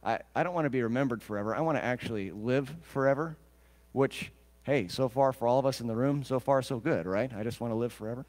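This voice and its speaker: Joking pastor in a reverberant church. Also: male voice, medium pitch, fast, a little mellow. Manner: conversational, joking asides, questions the congregation. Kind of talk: sermon.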